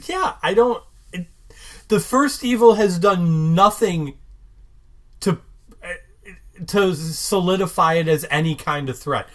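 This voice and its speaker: A man co-hosting a podcast, talking in a measured, wry way in casual recap chat. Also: high voice, a bit bright. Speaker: podcast co-host.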